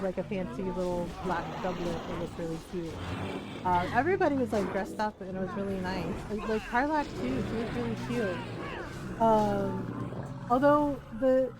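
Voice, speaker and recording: A woman streaming a video game, chatting casually in an animated, gushing way, laughing often and swearing freely. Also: mid-range voice, heavy background noise.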